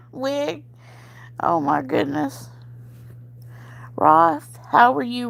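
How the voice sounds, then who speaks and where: A woman with a Southern US accent chats easily with her viewers, calling them y'all and breaking into laughter now and then. She talks at an unhurried, drawn-out pace in a middle-pitched voice. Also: gravelly, no echo. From Mississippi, US. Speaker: livestream host reading chat. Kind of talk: casual chat.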